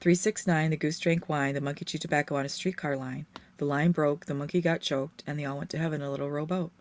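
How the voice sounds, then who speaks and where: A tired woman co-hosting a casual late-night livestream, playful and teasing, with deadpan jokes. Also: deep voice, fast talker. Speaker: livestream co-host.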